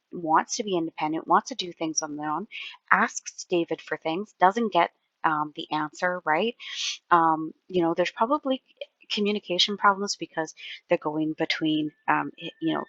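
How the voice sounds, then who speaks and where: Female commentator, lower register, rambling and exasperated, dull dry recording. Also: fairly bright tone, no echo. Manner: rambling, exasperated, heavy use of "like". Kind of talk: casual reaction commentary.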